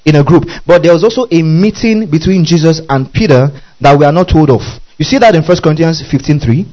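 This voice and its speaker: A man preaches with a high-pitched voice. He is animated, keeps asking his listeners questions, and chuckles between phrases. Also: fairly quick, rough recording. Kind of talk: sermon.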